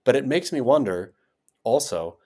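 An American man co-hosting a podcast, riffing in a playful, rambling way with sudden jumps in pitch. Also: expressive, normal speed, mellow. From United States. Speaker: podcast co-host. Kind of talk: casual chat.

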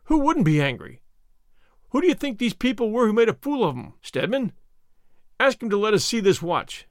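A man voicing a bold, commanding young male leader in an audiobook, forceful and quick to excitement. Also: high-pitched, no room sound, clean studio sound, voice pushed up. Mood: indignant. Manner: forceful, rising to excited outbursts. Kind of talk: audiobook character reading.

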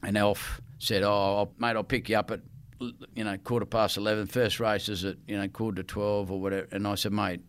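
Man, Australian accent, middle-aged, low voice, rambling storyteller, laughs a lot. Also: level tone, fairly quick, hardly any pauses, clear, resonant tone. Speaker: guest, former player. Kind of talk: storytelling in casual chat.

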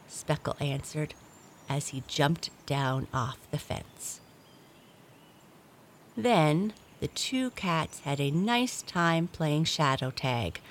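A woman reading a children's story aloud in a gentle, expressive storytelling manner. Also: sits low, a little hiss or hum. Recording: clear music behind voice.

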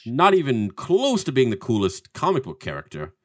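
Opinionated man with a lively voice. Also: medium pitch, normal speed. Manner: animated, opinionated, acts out scenes in voices. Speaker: podcast co-host. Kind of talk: casual chat.

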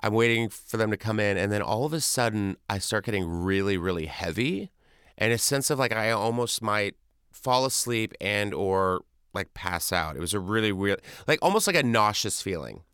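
Man guest, animated storyteller, bright, smooth voice, dry close sound. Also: lowish voice, moderate pace, no room sound. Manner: animated, acts out quotes and sounds. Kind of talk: casual storytelling.

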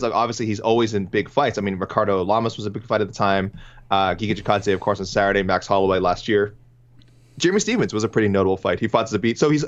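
A man co-hosting a casual MMA talk show, rambling and thinking aloud with many restarts. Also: on the low side. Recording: dull lo-fi sound.

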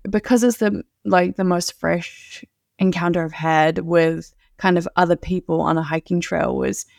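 A woman's voice: on the low side, unhurried, gravelly, darkish tone, no echo. Young woman, New Zealand accent, chatty storyteller, dry close mic. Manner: chatty storyteller, laughs often. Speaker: guest. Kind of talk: casual podcast chat.

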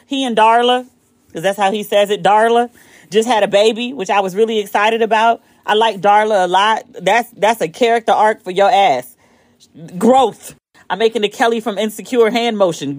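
A woman hosts a loose, casual chat and records it straight into her phone. Her voice is mid-pitched and leaps up when something excites her, and she swears freely. The sound is dry and close, with no room in it. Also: dry recording. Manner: animated, swearing, jumps high when excited. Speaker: podcast host.

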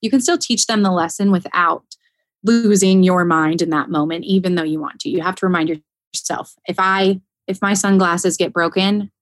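A woman in casual podcast conversation, telling a story in an animated way and laughing often. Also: fairly low pitch, moderate pace, no room sound. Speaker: caregiver.

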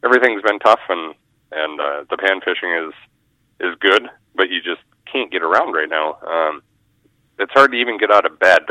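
A man's voice: low-pitched, animated, moderate pace, sharp tone, no echo. A man, a fishing guide talking casually in a radio interview, rambling and repeating his words. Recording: muffled phone line.

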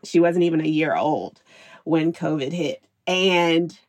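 This is a woman in her thirties telling candid stories about working from home with her kids. She is animated and laughs often, and she acts out what she said back then. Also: deep voice, a little slow. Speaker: interview guest, working mother. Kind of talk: candid storytelling.

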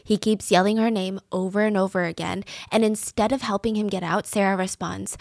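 A woman's voice: mid-range voice, steady tone, brisk, creaky, few pauses, darkish tone, no room sound, clean studio sound. A young adult woman hosting a true crime podcast, telling the story in a chatty, conversational way with casual asides. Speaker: podcast host.

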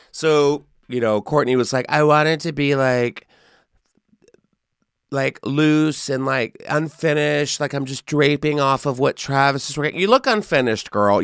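A man hosting a casual podcast, delivering a sarcastic, catty rant that swings widely in pitch and leans drawn-out and emphatic. His voice is smooth and clear. The sound is dry and close to the mic. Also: fairly bright tone, no room sound. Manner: sarcastic, catty celebrity fashion ranting with swearing. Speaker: podcast host. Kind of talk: casual chat.

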